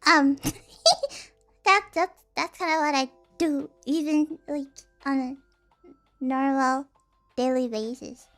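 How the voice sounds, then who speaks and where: Very high-voiced rambling female streamer. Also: takes it slowly, long pauses, a bit bright, soft background music. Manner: rambling, giggly, many restarts and fillers. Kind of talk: casual chat.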